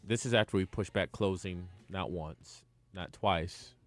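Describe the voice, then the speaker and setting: Lower-voiced male radio co-host. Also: a little slow, no room sound, faint music behind. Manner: animated storyteller who laughs at himself. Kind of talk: casual radio storytelling.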